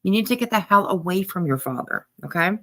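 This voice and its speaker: Low-voiced woman giving blunt commentary. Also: expressive, fairly quick, sharp tone. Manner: blunt, emphatic, talks back at the clip. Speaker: commentary streamer. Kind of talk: live reaction commentary.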